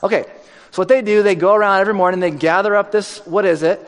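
A man's voice: high voice, steady tone, fast, big-room sound. A male pastor giving a conversational, joking sermon.

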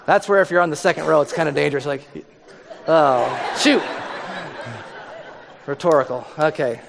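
Joking pastor preaching in a reverberant hall. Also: male voice, a little high, normal speed, creaky, a crowd in the background. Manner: conversational and joking, acts out quoted voices. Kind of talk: sermon. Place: church hall. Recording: long reverb of a large hall.

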